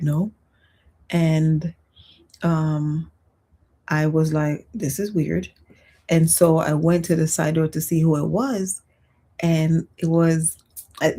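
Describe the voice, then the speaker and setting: A woman hosting a livestream, telling stories in a chatty, expressive way and reading viewer comments aloud. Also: low voice, gravelly, breathy edge. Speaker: livestream host. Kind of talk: casual storytelling chat.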